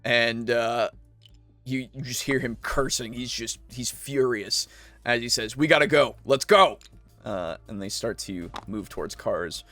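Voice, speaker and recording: A man narrating a tabletop role-playing game as game master, slow and halting with many pauses and fillers. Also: medium pitch, fairly even intonation, pushed and bright, dry recording, soft background music.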